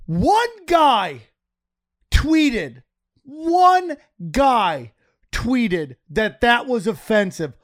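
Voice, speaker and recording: A man, a comedian, telling animated stories in casual podcast chat, swearing and laughing often. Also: high-pitched, extremely slow.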